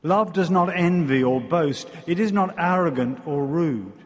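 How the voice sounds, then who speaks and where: A man with an English accent preaching a sermon, wry in his asides and slow and deliberate when he reads scripture. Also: fairly high pitch, in a large hall. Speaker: visiting preacher. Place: church.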